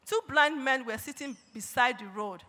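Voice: high-pitched, normal speed, bright, forceful tone. Preacher in a reverberant hall. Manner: punctuates with repeated praise calls, reads scripture aloud. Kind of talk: sermon. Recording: long reverb of a large hall.

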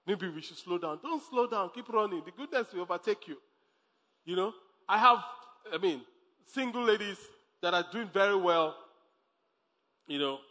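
A pastor preaching a sermon, emphatic, repeating phrases and breaking into laughs. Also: male voice, sits high, lively intonation, moderate pace, long pauses, pushed and bright. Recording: long hall reverb.

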